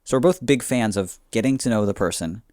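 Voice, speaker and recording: A man's voice: on the low side, fairly quick, darkish tone, no echo, studio quality. A man co-hosting a casual podcast, giving rambling, jokey dating advice from a remote setup. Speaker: podcast co-host. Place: remote recording, long distance.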